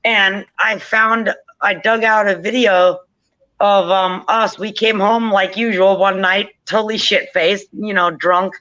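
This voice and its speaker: A woman's voice: medium pitch, steady tone, unhurried, sharp tone, highs cut off. A woman telling a casual story, chatty and swearing freely, often laughing. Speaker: forum regular.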